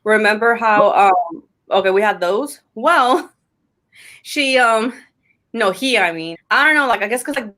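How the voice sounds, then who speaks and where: A woman's voice: mid-range voice, lively intonation, unhurried, a bit bright. A woman co-hosting a live stream in casual chat, rambling with many fillers and frequent giggles.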